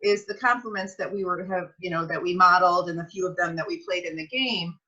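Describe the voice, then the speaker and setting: Woman, prevention specialist, friendly lesson instructions, bright tone, muffled sound. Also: lowish voice. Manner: friendly, measured, with many "um"s. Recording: dull lo-fi sound.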